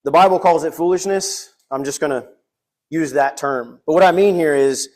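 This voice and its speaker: A man's voice: a little high, normal speed. A man preaching a sermon in a church, earnest and reading scripture aloud. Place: church sanctuary.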